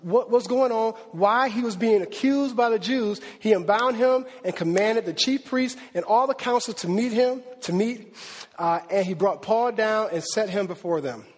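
A man delivers a casual, energetic sermon, slipping into slang and acting out the people in the story. His voice sits high and slightly husky, with long reverb from the hall around him. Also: normal speed. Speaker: preacher. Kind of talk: lively conversational sermon.

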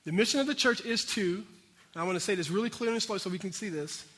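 A man's voice: high-pitched, fast, fairly bright tone, husky, big-room sound. A man preaching a sermon in a casual, conversational way, with frequent asides to his congregation. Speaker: pastor.

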